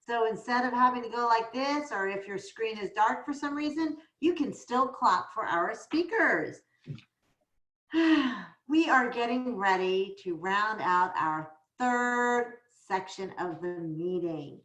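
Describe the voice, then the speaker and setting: A woman with a fairly high voice hosts an online meeting in an upbeat, welcoming way. Her voice comes over a video call and echoes around the room she is in. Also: expressive, slow pace, a bit bright. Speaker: meeting presider.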